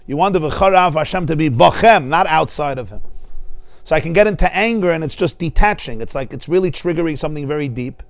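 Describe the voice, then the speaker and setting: A man, a rabbi, giving a lively, joking Torah class in a study hall, acting out the people he describes. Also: on the high side, quick pace. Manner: animated, joking, acts out voices of people he describes.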